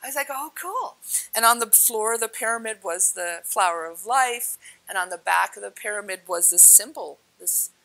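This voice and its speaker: A woman telling spiritual experience stories in an animated, casual way, laughing often and acting out what people said. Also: mid-range voice, a little fast, vocal fry, poor audio. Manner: laughs often, acts out quoted lines with big swings. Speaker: speaker sharing spiritual experiences. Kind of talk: animated storytelling.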